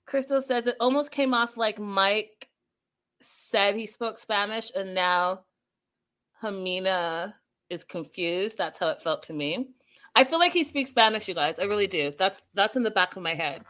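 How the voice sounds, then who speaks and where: A young adult woman hosting a casual livestream recap, chatting with viewers and acting out quotes in an animated way. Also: medium pitch, a little slow. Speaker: show recap host.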